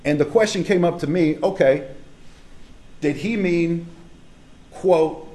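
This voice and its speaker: A man's voice: fairly high pitch, takes it slowly, long pauses, dark tone. A man preaching a casual, conversational sermon as a pastor, speaking emphatically and straight to his congregation in a church hall.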